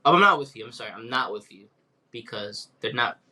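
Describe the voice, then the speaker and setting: A man's voice: mid-range voice, expressive, brisk, bright, forceful tone. A man co-hosting a podcast, joking around brashly with slang in casual chat. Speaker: podcast co-host.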